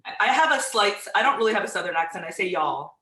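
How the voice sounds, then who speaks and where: A woman's voice: medium pitch, lively intonation, quick pace, reverberant, a crowd in the background, low-quality recording. A woman from the American South, a therapist, introducing herself in a rambling, self-deprecating way on a video call.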